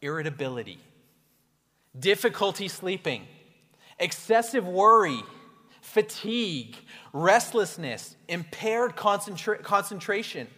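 Sex: man. Role: pastor. Style: animated sermon in an echoing hall. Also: sits high. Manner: animated, conversational, with asides to the congregation. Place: church hall. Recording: echoey hall reverb.

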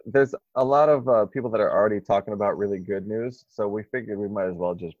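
Low-voiced man, crude podcast banter. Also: quick pace, narrow, tinny audio. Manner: crude, sarcastic, laughs often. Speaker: podcast co-host. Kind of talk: casual podcast chat.

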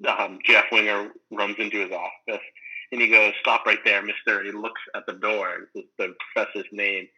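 A man chatting casually, rambling and animated as he retells funny scenes, full of "like" and "um". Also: on the low side, moderate pace, lo-fi sound. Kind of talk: casual chat about a sitcom.

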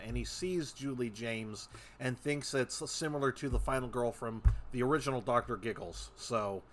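A man's voice: mid-range voice, fairly bright tone, slight background noise. A man in a casual chat, brainstorming a story and prompting his co-host with questions.

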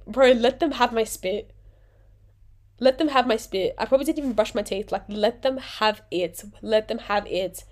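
A woman's voice: a little high, moderate pace. A woman, hosting a casual solo podcast in a rambling, jokey, self-mocking way, sounding sick and tired. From Australia. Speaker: podcast host.

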